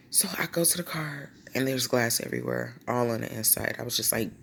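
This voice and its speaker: Low, gravelly woman telling a story. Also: quick pace, few pauses, a little hiss or hum. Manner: animated, slangy storytelling with acted-out quotes. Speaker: vlogger. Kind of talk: storytime vlog.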